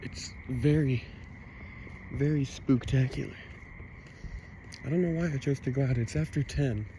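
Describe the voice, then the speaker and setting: A man with a medium-pitched voice vlogs at normal speed while walking outdoors at night through a foggy neighborhood, rambling and sounding mildly spooked. It's casual vlog narration recorded on a handheld camera mic, so the audio is noisy, with night sounds and distant cars in the background.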